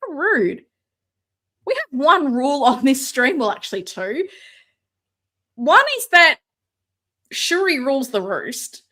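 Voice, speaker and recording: A woman hosting a live stream from home, chatting casually, excitable and sarcastic, sometimes shouting. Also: high-pitched, a little slow, long pauses. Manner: excitable, sarcastic, loud at times. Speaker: livestream host. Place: home room with ring light. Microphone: no mic close by, computer setup.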